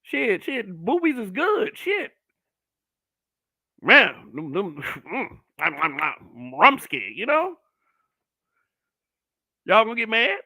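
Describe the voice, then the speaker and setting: A middle-aged man hosts his own solo broadcast, ranting bluntly with lots of profanity. His voice sits high and sounds bright and forceful. It is recorded close and dry. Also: huge pitch swings, takes it slowly, pauses often, no echo. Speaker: online talk show host. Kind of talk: brutally honest solo commentary broadcast.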